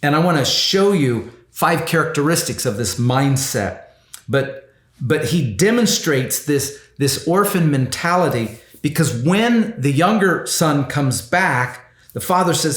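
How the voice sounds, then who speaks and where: A man preaching a sermon, animated, who repeats his words and often asks "see?". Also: fairly high pitch, a little slow, reverberant.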